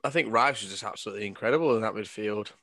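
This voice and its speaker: A man's voice: fairly low pitch, racing, a bit bright, dry recording, clean studio sound. A man co-hosting a football podcast, easygoing and often repeating his opening words. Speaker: podcast co-host. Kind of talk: casual football podcast chat.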